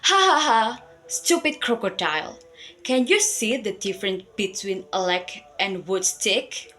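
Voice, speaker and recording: A teenage girl voicing a clever, cocky little male mouse deer in a storybook tale, with a bright, teasing manner. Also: medium pitch, expressive, a little slow, soft background music. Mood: mocking.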